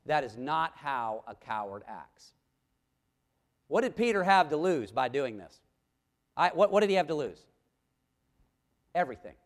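A man preaching a sermon, asking the congregation questions and reading scripture aloud. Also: on the high side. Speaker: pastor.

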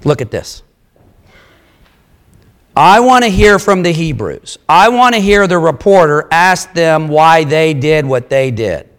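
A man preaching a sermon, reading scripture and explaining it with lively, conversational asides. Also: fairly high pitch, a little slow. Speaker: pastor.

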